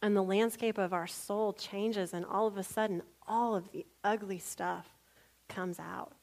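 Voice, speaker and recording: A woman preaching a sermon, telling personal stories, laughing often and dropping to a near whisper for quiet moments. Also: medium pitch, measured pace, vocal fry. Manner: storytelling, animated, laughs often, drops to near-whisper for quoted prayers.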